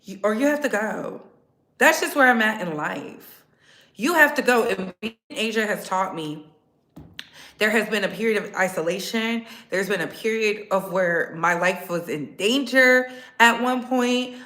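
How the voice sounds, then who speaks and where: A woman's voice: mid-range voice, a little slow, bright, forceful tone, reverberant. Sassy, blunt woman livestreaming. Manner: blunt, sassy, talks straight to her chat. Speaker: livestream host. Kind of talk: casual livestream chat.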